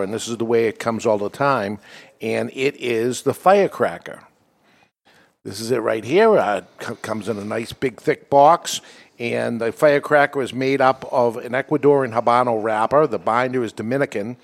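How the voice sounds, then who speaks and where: A man's voice: medium pitch, normal speed, creaky. Man, podcast co-host, casual cigar chat, plain explaining.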